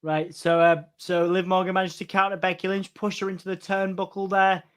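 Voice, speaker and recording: High-voiced man calling wrestling. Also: flat delivery, a bit bright, clear, resonant tone. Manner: stammering restarts, quick play-by-play calls. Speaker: co-host of a wrestling watch-along. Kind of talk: casual chat with live commentary.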